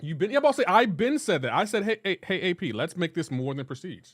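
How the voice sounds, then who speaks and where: Animated, teasing male game streamer. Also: fairly high pitch, quick pace, breathy edge. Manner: teasing, banter-heavy, breaks into laughter. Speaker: live-streaming gamer. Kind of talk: casual live-stream chat, reading chat aloud.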